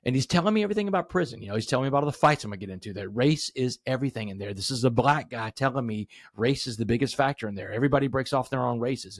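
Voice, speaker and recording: A man's voice: medium pitch, dry recording, clean studio sound. Earnest man telling his story. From Southeast Texas. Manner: earnest, vivid storytelling with quoted dialogue. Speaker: podcast guest. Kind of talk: storytelling in a podcast interview.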